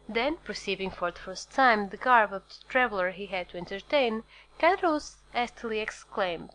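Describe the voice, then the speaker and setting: A woman narrating a classic novel as an audiobook in a steady, measured storytelling voice. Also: medium pitch, rough recording. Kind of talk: scripted narration.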